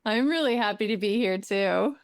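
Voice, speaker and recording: A woman from Iowa, a therapist and author, chatting as a podcast guest in a friendly, measured, playful way. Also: medium pitch, no echo, clean studio sound. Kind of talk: casual interview chat.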